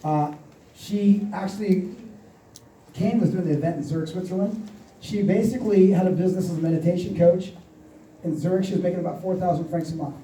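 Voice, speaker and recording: A man in his forties tells stories at a motivational seminar, acting out the quoted dialogue in a high-pitched, mellow voice at a fairly quick pace. The mic sits at a distance in an echoey hall, with slight background noise.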